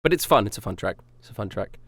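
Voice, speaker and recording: A man's voice: lowish voice, expressive, quick pace, fairly bright tone, dry recording. A man streaming casual commentary as he ranks his own rap songs, rambling and self-critical as he talks them through.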